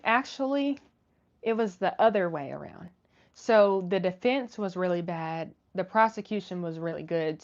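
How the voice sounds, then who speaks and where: Woman host, casual live chat, lots of "um"s, slightly dull lo-fi audio. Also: mid-range voice. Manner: chatty, many fillers and restarts. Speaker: livestream host reading chat.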